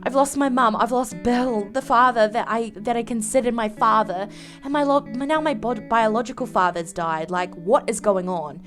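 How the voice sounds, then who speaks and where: A grieving young woman, pleading one moment and low and vengeful the next, put on by a woman narrating a life-sim game. The voice stays fairly high-pitched. Soft guitar music plays faintly underneath. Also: normal speed, lightly acted. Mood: distraught.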